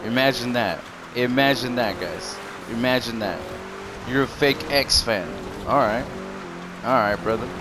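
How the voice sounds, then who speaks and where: A man's voice: mid-range voice, a little slow, over music. A man ranting casually to his viewers in a heated, repetitive way, full of slang. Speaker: gaming YouTuber. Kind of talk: casual rant to camera.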